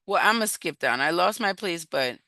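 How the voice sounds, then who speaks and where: Animated woman coaching a support group. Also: fairly low pitch, a little fast, dry recording. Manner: animated, encouraging, conversational, addresses group directly. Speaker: emotional wellness coach leading a support group. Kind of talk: faith-based coaching talk retelling scripture.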